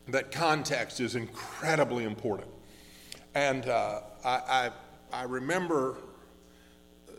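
A man preaching a sermon as pastor, earnest and slowing down on key words, with frequent restarts. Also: mid-range voice, fairly bright tone, long reverb tail. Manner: earnest, slows down for emphasis with many restarts.

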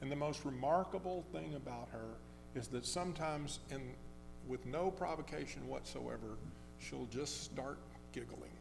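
A man preaching a sermon, telling a story in a conversational, halting way with many restarts. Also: mid-range voice, gravelly, music in the background. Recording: long hall reverb with faint hum.

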